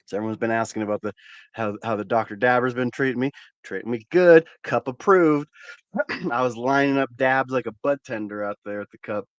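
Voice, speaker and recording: A man with a medium-pitched voice talks briskly to viewers during a casual livestream on his cannabis channel. He's laid-back and rambling, often repeats words, and swears a lot. The audio is dull, with no echo.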